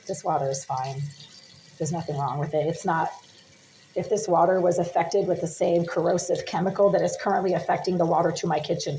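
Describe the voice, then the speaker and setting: A woman recording a self-made monologue inside her apartment, speaking intensely and insistently in long run-on sentences, her voice husky and smoky-sounding, with the distance to her handheld phone shifting as she moves between rooms. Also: fairly low pitch, a little mellow, slight background noise. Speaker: vlogger documenting at home. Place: indoors in a small apartment, kitchen, hallway and bathroom.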